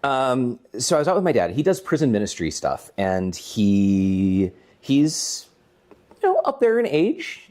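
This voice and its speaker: A man's voice: medium pitch, sing-song, fairly quick, a little mellow. A man co-hosting a gaming stream from home, telling long rambling stories in casual chat and chuckling often. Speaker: co-host of a gaming channel.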